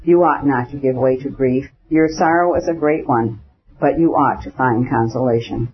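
A man's voice: medium pitch, normal speed, soft background music, lightly acted. A man reading the lines of a fervent, pious middle-aged countess who gushes with consoling devotion in an audiobook. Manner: gushing, rapturous and consoling. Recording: dull lo-fi recording.

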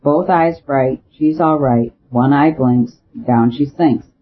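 A man voicing a calm, weary male priest detective, speaking in a quiet, measured, grave manner. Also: medium pitch. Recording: tinny phone-like audio.

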